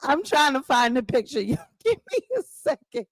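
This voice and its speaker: A woman hosting a vlog, delivering casual gossip commentary in a profane, animated way that is full of laughter. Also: high-pitched, normal speed, no room sound. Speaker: vlog host.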